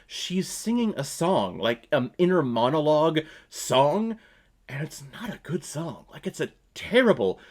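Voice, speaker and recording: A man's voice: a little high, very animated, unhurried, darkish tone. A man hosting his own movie review vlog, talking casually and emphatically and laughing often.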